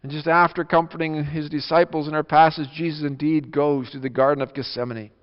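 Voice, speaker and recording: Male preacher, higher voice, emphatic sermon delivery, long reverb on the sound. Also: flat delivery, fairly quick. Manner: earnest, emphatic preaching with wide swings in loudness. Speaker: pastor. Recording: dull lo-fi audio with long reverb.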